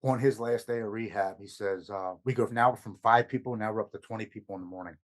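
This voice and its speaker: A man on a podcast, casually telling a personal story with lots of quoted back-and-forth, earnest and dropping softer at heavy moments. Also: lowish voice, quick pace. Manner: retells events with much quoted dialogue. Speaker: podcast guest.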